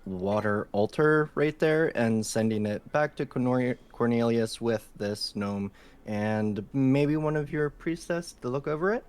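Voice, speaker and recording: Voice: mid-range voice, unhurried, a little mellow, clean tone. A player in a tabletop game asking direct questions in character. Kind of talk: tabletop role-play.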